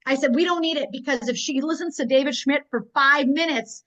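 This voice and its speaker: A woman with a high voice delivers a motivational business talk, emphatic and fast to repeat her points. The recording sounds dull and lo-fi. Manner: energetic, emphatic storytelling with repetition. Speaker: network marketing presenter.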